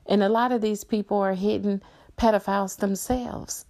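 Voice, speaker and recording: A middle-aged woman with a dark, gravelly voice delivers a heated solo podcast rant. She talks bluntly and angrily and swears freely, pressing every point hard. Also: mid-range voice, steady tone, normal speed. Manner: blunt, angry, profane ranting. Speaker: podcast host.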